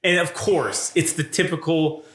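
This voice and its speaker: A man's voice: fairly high pitch, a little slow, a bit bright. A man co-hosting a comic book review podcast, chatting casually with amused, profane commentary. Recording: roomy echo.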